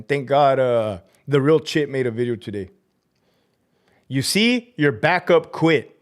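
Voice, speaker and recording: A man ranting on his live stream, cursing hard and swinging between loud outbursts and low muttering. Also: animated, measured pace. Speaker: livestreamer and prison officer. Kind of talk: profane live-stream rant.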